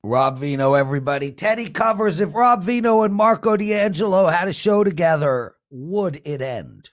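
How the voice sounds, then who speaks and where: A man's voice: high voice, animated, normal speed. A man co-hosting a sports betting show, chatty and reading viewer comments aloud. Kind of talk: casual show banter.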